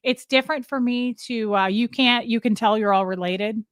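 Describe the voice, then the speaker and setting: A woman's voice: on the high side, moderate pace, no echo, studio quality. A woman hosting a casual livestream, rambling from topic to topic and greeting viewers by name. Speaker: livestream host. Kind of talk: casual live chat with viewers.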